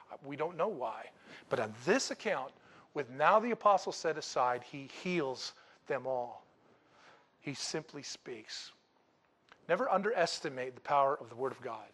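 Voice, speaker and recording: A man preaching a sermon, telling a personal story dramatically and swinging from loud bursts to hushed lines. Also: mid-range voice.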